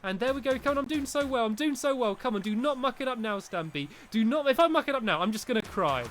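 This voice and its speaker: A man giving chatty, excitable let's-play commentary, talking straight to his viewers and cheering himself on at a desk microphone. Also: extremely high pitch, quick pace. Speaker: gaming YouTuber. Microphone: desk microphone while gaming.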